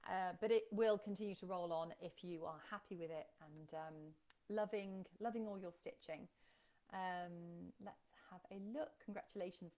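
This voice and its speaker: A woman's voice: mid-range voice, a little mellow. A woman hosting a casual live stream, chatting and reading out viewer comments, with frequent ums.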